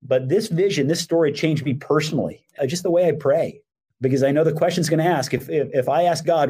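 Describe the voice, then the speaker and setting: Husky-voiced man telling lively stories. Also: a little high, brisk. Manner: animated anecdotes, acting out quoted voices. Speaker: guest, religion teacher. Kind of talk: conversational storytelling.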